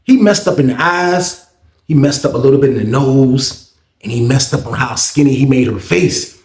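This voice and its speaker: A man telling a story in a casual, slangy, animated way, acting out the people he quotes as he goes. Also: medium pitch, moderate pace, reverberant. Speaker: storyteller host.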